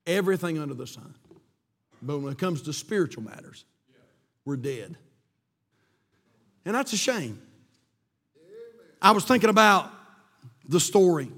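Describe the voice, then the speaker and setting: A male pastor preaching a sermon with passion, swelling and then dropping to quiet emphasis, in a church sanctuary. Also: sits high. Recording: long reverb of a church hall.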